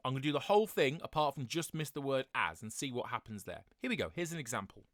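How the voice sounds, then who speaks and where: A man directing a choir, explaining breathing in a relaxed tutorial with many fillers. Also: mid-range voice, fast talker, dry recording, studio quality.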